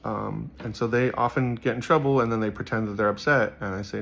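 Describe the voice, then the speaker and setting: A young man talks through Bible verses in a loose, earnest way, full of ums and likes. His voice sits low, with a gravelly fry running through it. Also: steady tone, brisk, few pauses, a bit bright. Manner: rambling and earnest, many fillers. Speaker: Bible study vlogger. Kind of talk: casual scripture commentary.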